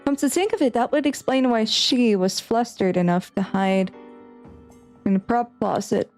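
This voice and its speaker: A woman's voice: on the high side, moderate pace, a little mellow, soft background music. A woman streaming a visual novel, reading lines aloud and rambling through her theories with giggly, unsure asides. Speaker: game streamer. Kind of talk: playthrough commentary and reading aloud.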